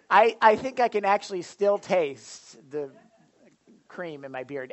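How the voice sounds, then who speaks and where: A middle-aged man pastor leading a church prayer and then giving announcements, folksy and animated with many fillers. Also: high-pitched, a little slow, lo-fi sound. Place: church service.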